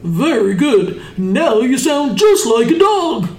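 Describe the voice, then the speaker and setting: A woman's voice: high voice, very animated, slow pace, a little mellow, full character voice. Woman playing cheerful singsong storybook farm animals. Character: friendly storybook farm animals: dog, frog, cow. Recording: echoey room.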